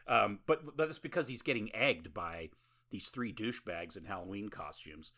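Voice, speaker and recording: A man's voice: fairly low pitch, lively intonation, normal speed, pushed and bright. A male podcast host in casual chat, recapping a film in a rambling, laughing, profane way.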